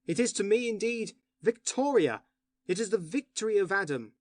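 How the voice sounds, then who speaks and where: In audiobook dialogue, a reader gives voice to a passionate male poet who argues with fervent, impassioned oratory. The delivery is mid-range, a little slow, and swings widely in pitch.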